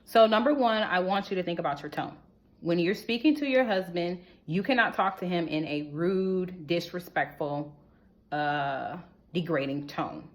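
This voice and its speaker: A young adult woman giving casual marriage advice to wives, lively and preachy, leaning on rhetorical questions and emphatic repetition. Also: lowish voice, moderate pace.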